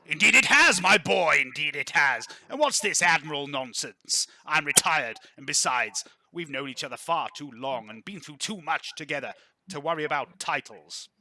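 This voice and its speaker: A man voicing a blustery, jovial retired admiral lord with a booming, pompous manner. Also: animated, moderate pace, pushed and bright, heavily acted. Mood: bluff jovial.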